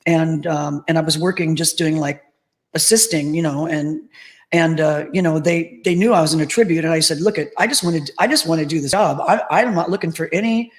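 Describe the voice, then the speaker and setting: A middle-aged woman, a tribute band singer, chatting as an interview guest and telling lively anecdotes full of acted-out quotes. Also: low-pitched, brisk, poor audio. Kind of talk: casual interview storytelling.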